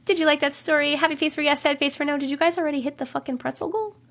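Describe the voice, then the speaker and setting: A woman with a fairly high voice hosts a casual live stream from her room. She chats loosely with her viewers, swears in passing, and reads their strange stories aloud with plenty of her own reactions. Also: steady tone, racing, a bit bright. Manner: chatty, swears casually, laughs and reacts while reading. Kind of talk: casual live-stream chat and story reading. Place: home room, alone.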